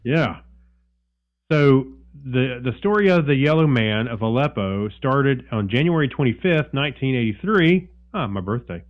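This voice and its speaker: A male podcast co-host reads a news story aloud in casual chat, stumbling over restarts and fillers. His voice sits at a middle pitch, and the audio is dull and lo-fi. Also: animated. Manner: halting, many fillers and restarts.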